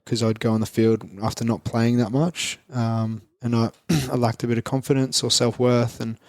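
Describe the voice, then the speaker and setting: A man's voice: medium pitch, flat delivery, normal speed, darkish tone, dry recording, clean studio sound. A man in his twenties with an Australian accent, a guest in an interview, talking in a rambling casual way full of fillers and restarts.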